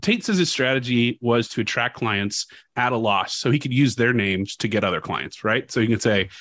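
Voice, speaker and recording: A man's voice: mid-range voice, animated, normal speed, fairly bright tone, no echo, clean studio sound. A man hosting a podcast, recounting a story in frank, conversational chat. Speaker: podcast host. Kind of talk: casual chat.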